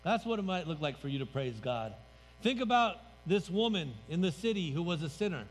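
Animated high-voiced preacher in a reverberant hall. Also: male voice, fairly quick. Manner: conversational, emphatic, pitch drops at phrase ends. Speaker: pastor. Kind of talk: sermon. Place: church sanctuary. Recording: reverberant hall, faint music.

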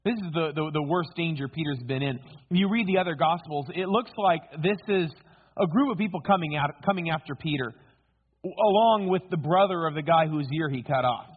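Husky-voiced preacher on a tinny line. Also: male voice, fairly high pitch, a little fast. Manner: dramatic, rhetorical questions to listeners. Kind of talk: sermon. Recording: tinny phone-like sound.

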